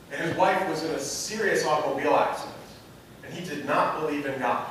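High-voiced pastor in an echoey church. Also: male voice, a little hiss or hum. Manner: storytelling, builds to loud emphatic peaks. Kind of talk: sermon. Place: church sanctuary. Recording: echoey sanctuary, mic from a distance.

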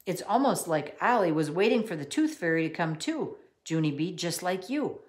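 A patient storybook mother, soft and reassuring, as a woman reads her. Her voice moves lightly up and down. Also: lowish voice, big pitch swings, normal speed. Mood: tender.

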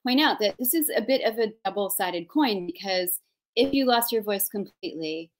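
Chatty woman host on a video call, playful jokey, mid pitch. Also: lively intonation, moderate pace. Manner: playful, chatty, self-mocking. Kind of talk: interview, casual chat.

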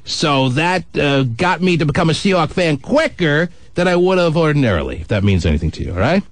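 A middle-aged man hosting a call-in radio show, teasing callers with quick, wry banter. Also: a little high, big pitch swings, no room sound. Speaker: radio talk show host. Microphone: studio microphone.

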